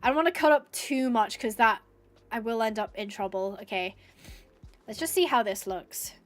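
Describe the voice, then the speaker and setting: A woman's voice: fairly high pitch, lively intonation, normal speed, soft background music. A young woman streaming a building game, thinking aloud in casual chat and gushing with thanks, teary and a bit snotty. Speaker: Minecraft streamer. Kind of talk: casual live-stream chat while gaming.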